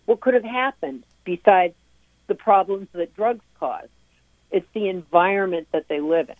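The parent of a recovering addict, a middle-aged woman, talks at normal speed in a medium-pitched voice with no echo during an interview. Earnest and emphatic, she keeps restarting her phrases, all over a tinny, dry phone line.

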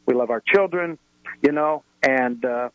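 A man's voice: mid-range voice, unhurried, no room sound. A man calling in to a radio talk show, speaking earnestly and rambling with many fillers. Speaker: caller. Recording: dull lo-fi radio sound.

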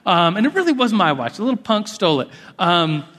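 A young man preaching a sermon, telling a childhood story with lively acted-out voices and frequent restarts. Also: high voice, fairly quick. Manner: animated, acts out childhood voices, restarts often. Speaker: pastor. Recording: long hall reverb.

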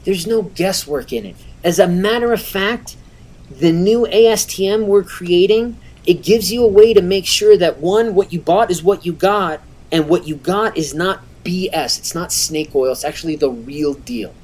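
Woman, lowish voice, technical expert, animated explainer, casual analogies. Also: normal speed. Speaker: guest concrete expert.

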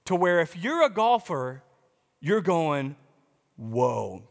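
A man pastor preaching a sermon, telling a story in an animated, emphatic way. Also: sits high, takes it slowly, big-room sound.

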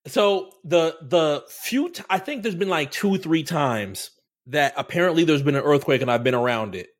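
A man from Florida, co-hosting a podcast, tells a story in casual chat with a slightly high, expressive voice at normal speed. He swears and acts out his own reactions.

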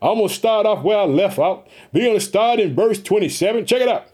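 A man preaching an energetic sermon, excited and pumped up, often calling out to his listeners and repeating catchphrases. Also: sits high, brisk, few pauses.

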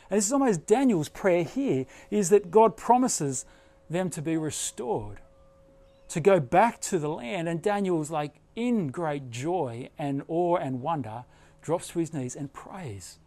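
Man, middle-aged, pastor preaching, high-pitched voice, earnest, emphatic. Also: expressive, measured pace, a little mellow. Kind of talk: sermon.

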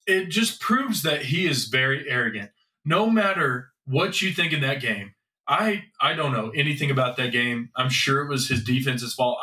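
Bright-voiced man in an echoey room. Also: on the high side. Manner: loose, swearing, rambling. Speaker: podcast co-host. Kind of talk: casual sports chat. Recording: echoey room, mic at a distance.

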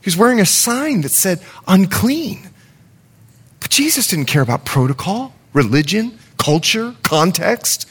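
Dynamic preacher man with a higher voice. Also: sing-song, normal speed, few pauses, breathy edge. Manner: dynamic, swings from loud urgency to hushed confession. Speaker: pastor. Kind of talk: sermon.

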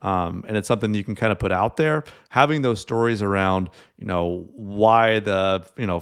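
Smooth-voiced man musing on a podcast. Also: on the low side. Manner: thoughtful, many fillers like "you know". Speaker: podcast co-host. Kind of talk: casual podcast chat.

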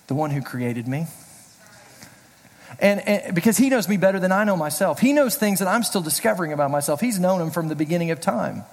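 A middle-aged pastor giving a casual, joking sermon, telling personal stories in a chatty way. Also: male voice, sits high. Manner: chatty, storytelling, self-deprecating jokes. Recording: reverberant hall.

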